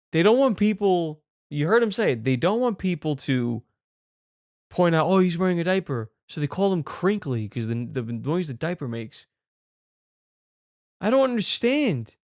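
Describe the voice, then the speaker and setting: A man's voice: a little high, sing-song, unhurried, long pauses, no room sound, studio quality. A man hosting a comedy show, ranting in disbelief, swearing and repeating questions for effect. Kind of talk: comedic rant reacting to clips.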